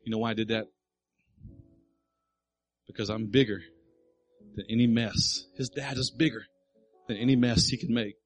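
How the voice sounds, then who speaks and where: A man's voice: lowish voice, fairly even intonation, moderate pace, long pauses, soft background music, rough recording. A middle-aged male pastor preaching a sermon, telling a family story and building to emphatic appeals.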